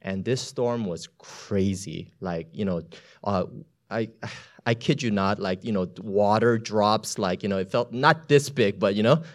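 A man preaching a storytelling sermon, chatty and full of filler words, swinging between hushed asides and loud emphasis. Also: on the low side, measured pace.

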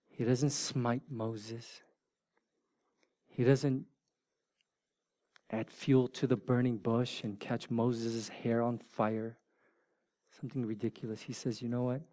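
A man in his forties preaching a sermon, informal and joking, dropping from loud bursts to hushed near-whispers. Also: mid-range voice, no echo. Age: 40s. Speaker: pastor.

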